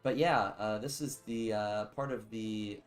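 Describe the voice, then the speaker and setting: A man's voice: on the low side, measured pace, faint music behind, rough recording. A young man streaming casual live gameplay commentary, rambling and joking as he chats with his viewers.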